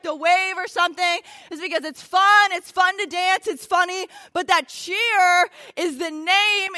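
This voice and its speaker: A woman from Michigan with an American accent gives an energetic preaching talk to a crowd and often shouts out to the audience. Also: very high voice, dry recording, studio quality. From Michigan, USA. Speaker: youth event speaker.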